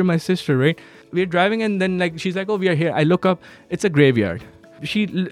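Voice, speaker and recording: Animated young man from Pakistan. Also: fairly high pitch. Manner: animated, acts out quoted voices, frequent restarts. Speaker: storyteller. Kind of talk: personal anecdote told to an audience.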